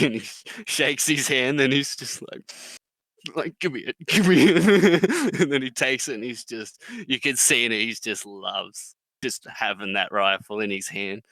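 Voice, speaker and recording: A man casually telling stories with lots of swearing, now and then acting out quotes in a loud, high voice. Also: gravelly, no room sound. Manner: swears a lot, acts out quotes in a loud high drill-sergeant voice. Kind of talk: casual chat.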